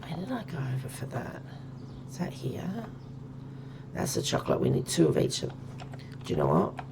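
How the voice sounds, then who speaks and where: Low gravelly woman streamer. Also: huge pitch swings, moderate pace, noisy background. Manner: chatty, thinks aloud while counting items. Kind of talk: casual gameplay commentary.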